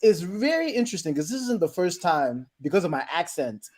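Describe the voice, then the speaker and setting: A man's voice: sits high, very animated, brisk, a little mellow. Insistent man pressing his point. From Nigeria. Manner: repeats himself, pressing questions. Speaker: panelist. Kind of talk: lively online panel argument.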